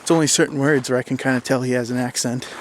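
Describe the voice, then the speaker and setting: A young man with a Minnesotan accent, talking casually to his viewers in a relaxed, rambling way with plenty of fillers. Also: medium pitch, rapid-fire, slight background noise. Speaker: YouTuber. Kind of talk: casual talk to camera.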